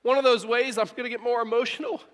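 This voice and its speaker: A man's voice: very high-pitched, steady tone, fast talker, a bit bright, in a large hall. A male pastor giving a heartfelt sermon, speaking earnestly and repeating phrases for emphasis.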